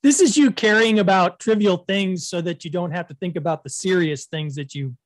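High-voiced podcast dude, calm and questioning, poking holes in stuff. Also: male voice. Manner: measured, questioning, plays devil's advocate. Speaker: podcast co-host. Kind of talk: casual chat.

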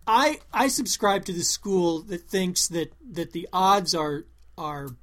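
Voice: mid-range voice, slow pace, a bit bright. A podcast co-host in casual chat who reasons things out earnestly and at length.

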